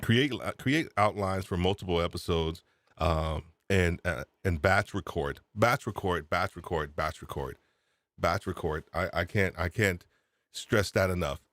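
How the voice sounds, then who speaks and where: Man, podcast host, very deep voice, excitable, repeats phrases, dry close mic. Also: a little slow, no echo. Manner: excitable, laughing, repeats himself. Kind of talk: casual live-stream chat. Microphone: USB desk microphone.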